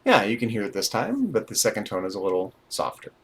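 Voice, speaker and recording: This instructor speaks fast in a lowish voice whose pitch swoops wildly, reading book passages and then reciting numbers as he keys them in during a live-streamed coding lesson. Dry asides punctuate his thinking aloud, over keyboard typing and background noise.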